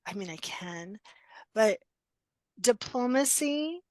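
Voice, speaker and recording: Blunt, animated middle-aged woman with a slightly high voice and dry close sound. She tells stories in a lively way and acts out the voices of people she quotes, laughing often. Her sound is close and dry, with almost no room echo. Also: takes it slowly. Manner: blunt, direct. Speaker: guest, intuition coach. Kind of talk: casual podcast interview storytelling.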